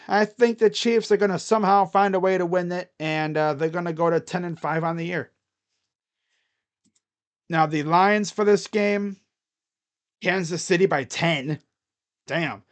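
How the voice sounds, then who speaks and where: A man hosting a football picks video, talking casually and excitably and thinking out loud. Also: sits high. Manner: rambling, excitable, thinks aloud. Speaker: sports picks channel host.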